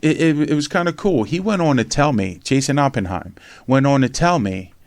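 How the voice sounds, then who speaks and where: Animated man telling a story. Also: mid-range voice, brisk, no echo. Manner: animated, acts out other people's lines, swears casually. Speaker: podcast host and memoir author. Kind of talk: casual storytelling.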